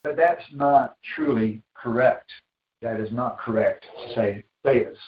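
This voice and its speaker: A man preaching a sermon as pastor, slow and emphatic, repeating phrases for weight. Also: mid-range voice. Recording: echoey, dull sound from far off the mic.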